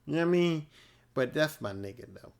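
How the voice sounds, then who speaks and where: A male podcast host telling a casual story alone, laid-back, profane and animated. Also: fairly high pitch, brisk, vocal fry.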